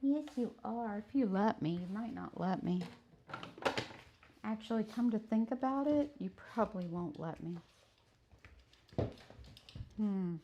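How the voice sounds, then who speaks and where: A woman's voice: mid-range voice, expressive, unhurried, pauses often, muffled recording, background noise. A woman working as a dog groomer, talking to a dog in playful, sing-song baby talk and laughing often while she works in a grooming salon.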